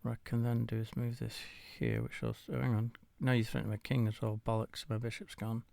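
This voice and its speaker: A tired gamer plays chess against the computer, commenting casually, muttering, and swearing now and then. His voice sits on the low side and is warm with vocal fry, a little fast with lively intonation, and the recording is dry.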